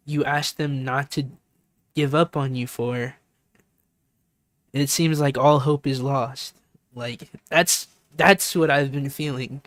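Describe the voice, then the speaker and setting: On a dry recording, a streaming man speaks slowly in a fairly high voice with fairly even intonation. His casual, heartfelt talk is sincere and open, rambling along with plenty of "like," "you know," and repeated phrases.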